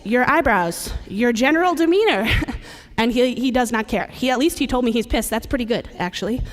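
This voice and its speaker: A woman with a somewhat high voice gives a conference talk and speaks to the audience in a relaxed, joking way. Her voice rings out with the long reverb of a large hall. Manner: conversational and humorous, addressing the audience directly. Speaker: presenter at a safety conference. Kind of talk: conference presentation.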